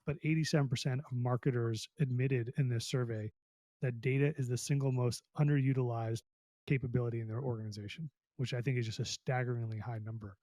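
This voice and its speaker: A man's voice: medium pitch, fairly even intonation, brisk, warm tone, no room sound. Upbeat male podcast host, dry sound. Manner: enthusiastic, conversational with fillers. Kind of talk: casual interview chat.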